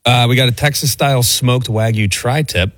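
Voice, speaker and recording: A man co-hosting a radio show, talking in a relaxed, easygoing way. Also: medium pitch, moderate pace, no echo, clean studio sound. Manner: relaxed, reading a menu with easygoing asides. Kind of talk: casual radio banter. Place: radio studio.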